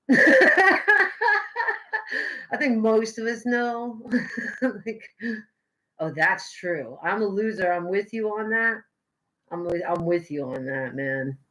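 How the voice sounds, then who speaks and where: A young American woman paints at home while chatting casually with her live chat viewers. Her voice is lowish and animated but slow, with long pauses, and the audio is poor. She rambles, mocks herself, and swings between loud bursts and mutters.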